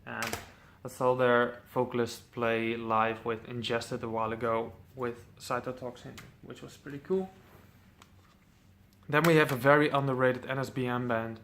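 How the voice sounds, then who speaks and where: Man vlogger, casual showcase, excited and profane, slight background noise. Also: medium pitch, moderate pace. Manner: enthusiastic, swears casually, frequent ums. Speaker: metal CD collector vlogger.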